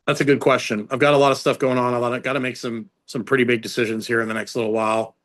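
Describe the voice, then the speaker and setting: Man, middle-aged, interview guest, casual rambling storyteller, mid-pitched voice, lots of fillers. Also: fast talker. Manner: animated storyteller, jumps into higher voices for quotes; many fillers and restarts. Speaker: strength and conditioning coach, guest.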